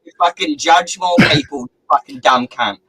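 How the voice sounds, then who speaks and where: A man's voice: on the high side, normal speed, over a noisy crowd, rough recording. An Australian man arguing crudely and sarcastically as a guest on a heated livestream panel.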